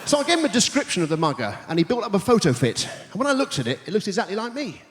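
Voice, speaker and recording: A man doing stand-up, delivering quick punning one-liners with deadpan setups on a theatre stage. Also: high-pitched, big-room sound. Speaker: stand-up comedian. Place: large theatre stage before a live audience.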